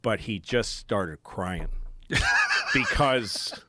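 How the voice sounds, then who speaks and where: A man's voice: lowish voice, huge pitch swings, extremely slow, pushed and bright, no echo. A man talking as a podcast guest, rambling and self-deprecating as he tells a story in casual chat. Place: podcast studio.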